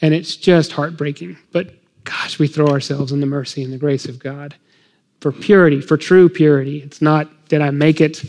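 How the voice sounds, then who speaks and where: A man's voice: a little high, steady tone, fairly quick, darkish tone, in a large hall. A middle-aged man talking earnestly about parenting and faith, acting out short conversations with a child. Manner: earnest, emotional, acts out parent-child dialogue. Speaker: guest speaker on parenting.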